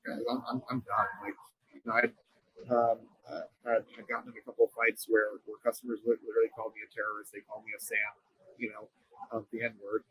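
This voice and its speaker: Husky-voiced man telling a story. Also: fairly low pitch, completely flat delivery, fairly bright tone, low-quality recording. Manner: earnest, halting, frequent restarts. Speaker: company co-founder, interview guest. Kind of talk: casual interview storytelling.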